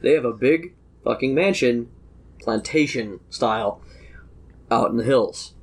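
A man's voice: mid-range voice, unhurried, husky. A young man narrating as game master at a tabletop game, casual and joking, swearing freely.

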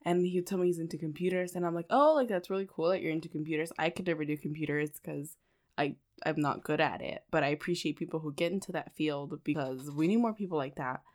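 A woman's voice: sits low, fast. Young woman telling a story, lots of "like". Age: 20s. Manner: chatty, animated storytelling, peppered with "like" and swearing. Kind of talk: casual chat.

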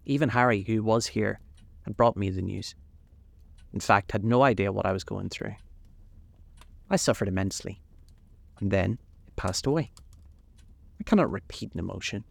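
A man playing a vain, callous young gentleman. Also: lowish voice, moderate pace, gravelly, pauses often, no echo. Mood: aloof.

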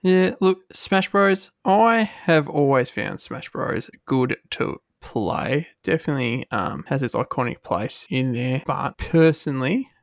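An Australian man co-hosting a podcast, gravelly, animated and sweary. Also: medium pitch, unhurried, hardly any pauses, dry recording, studio quality. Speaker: podcast co-host. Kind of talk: casual podcast chat.

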